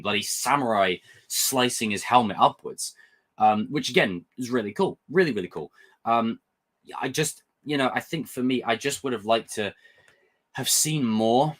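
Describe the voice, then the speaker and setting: A young man hosting a casual livestream review, talking in an excitable, rambling way and swearing freely. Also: medium pitch, moderate pace, husky. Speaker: host.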